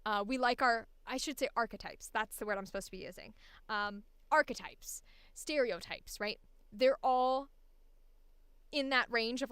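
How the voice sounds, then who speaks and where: A woman voice actor in a casual, animated chat about voice acting, laughing often as she talks. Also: fairly high pitch, normal speed, clear, resonant tone, no echo.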